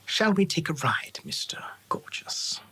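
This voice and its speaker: A tabletop game player voicing a tall, haughty male elf noble in a soft, menacing whisper, as whispered role-play. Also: medium pitch, animated, unhurried. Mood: coldly polite.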